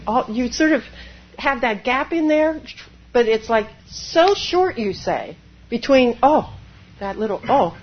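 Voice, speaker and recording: Woman Zen priest, dharma talk, husky voice, animated, muffled recording. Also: a little high. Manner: animated, laughing often, acts out inner voices.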